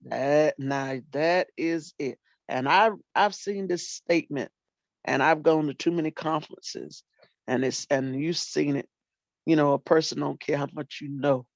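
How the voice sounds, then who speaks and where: An older woman, a retired teacher and librarian, telling animated stories about her students in casual talk and acting out what people said. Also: low-pitched, a little slow, no echo. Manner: animated storyteller, acts out quotes, folksy Southern phrasing. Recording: dull lo-fi dry sound.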